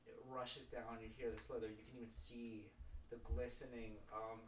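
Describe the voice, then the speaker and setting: Game master narrating in a roomy space. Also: male voice, medium pitch, flat delivery, moderate pace. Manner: descriptive, building suspense. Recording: roomy, distant mic with background noise.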